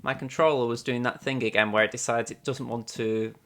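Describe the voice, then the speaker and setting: A man's voice: medium pitch, steady tone, fairly quick, bright, forceful tone, slight background noise. A man streaming a video game and chatting along as he plays, narrating his own moves and talking to his viewers. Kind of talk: live game-stream commentary.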